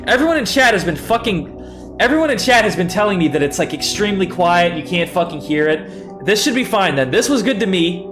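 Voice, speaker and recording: A man's voice: sits high, sing-song, a little fast, over music. Swearing young man streaming a game. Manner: chatty, swears freely, self-mocking, laughs often. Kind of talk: casual gaming livestream commentary.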